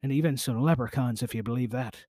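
A man's voice: mid-range voice, fast, mellow, no room sound, studio quality. A man hosting a podcast, reading history aloud and breaking off for playful jokey asides. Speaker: podcast host.

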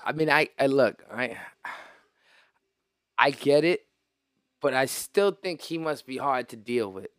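A man's voice: medium pitch, a little slow, long pauses, fairly bright tone, no room sound, clean studio sound. A man co-hosting a casual podcast chat, brash and joking, acting out little scenes as he talks. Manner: brash, joking, acts out scenes in put-on voices. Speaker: podcast co-host.

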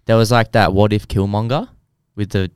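A young man co-hosting a casual podcast chat, swearing a lot and getting excited. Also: fairly low pitch, normal speed, clean tone, dry recording, clean studio sound. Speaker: podcast co-host.

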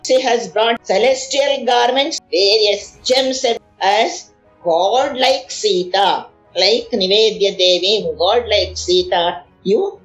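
A woman teaching scripture, translating Sanskrit verses line by line in an animated retelling. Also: mid-range voice. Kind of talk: explaining Sanskrit verses of an epic. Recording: echoey room with faint music.

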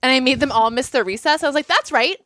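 A woman co-hosting a podcast, chatting and telling a story of her own in a relaxed, conversational way with some swearing. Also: high-pitched, racing, no room sound, studio quality. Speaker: podcast co-host. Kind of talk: casual podcast chat.

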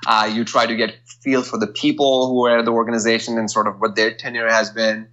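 A man's voice: mid-range voice, little pitch movement, sharp tone. Hesitant man on a dull line. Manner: measured, hesitant, with many fillers. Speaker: guest, management consultant. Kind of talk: casual interview.

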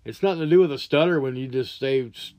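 A man's voice: mid-range voice, fast talker, a little mellow. A man hosting a podcast, ranting crudely and angrily with heavy swearing. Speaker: podcast host. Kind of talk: profane rant monologue.

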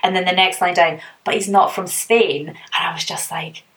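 A woman's voice: lowish voice, fairly even intonation, moderate pace, a bit bright. A young woman co-hosting a casual podcast, telling dating stories in a chatty way with lots of fillers and laughs. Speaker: podcast co-host. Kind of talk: casual chat.

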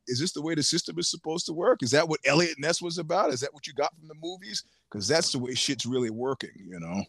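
Guest: man, expressive raconteur, slightly high voice, dry close mic. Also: dry recording. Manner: animated storyteller, laughs often, swears freely. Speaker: podcast guest. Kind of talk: casual storytelling chat.

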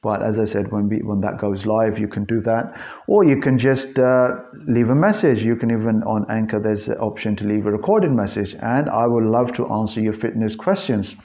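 Rambling fitness trainer, dull lo-fi recording. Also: male voice, fairly low pitch, moderate pace. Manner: rambling, chatty, many restarts and fillers; earnest, addresses listeners as guys. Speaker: fitness trainer and podcast host. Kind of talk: casual solo podcast monologue.

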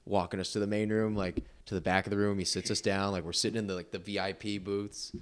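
A young podcast guest tells a long, rambling, casual story packed with fillers like "like" and "you know." His voice is on the low side, level and clean, and he talks fast.

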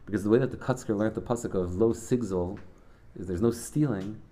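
In a lowish, mellow voice, a man leads a Torah class, telling Hasidic stories. His conversational delivery is halting and peppered with Yiddish and Hebrew terms.

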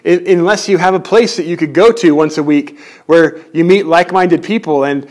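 A man preaching a sermon in church, animated and jokey, often restarting his words. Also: on the high side, normal speed. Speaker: pastor.

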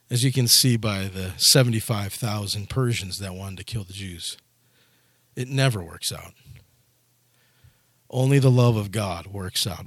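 A man's voice: on the low side, dry recording. A male pastor preaching a sermon in an earnest way, repeating phrases and restarting lines as he builds a point.

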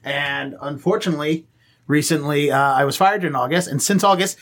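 A man's voice: fairly high pitch, fairly quick, fairly bright tone, no room sound, studio quality. A man hosting a podcast interview in casual chat, rambling in a self-conscious, apologetic way. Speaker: podcast host.

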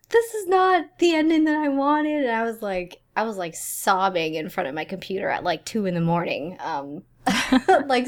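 Casual host: young woman, mid pitch, laughs often, chatty filler-heavy delivery. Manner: giggly, expressive, peppered with "like". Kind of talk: casual chat.

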